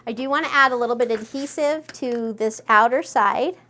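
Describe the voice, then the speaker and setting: A woman hosting a step-by-step craft tutorial, chatty and friendly, gushing with excitement over her project. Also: fairly high pitch, a little fast.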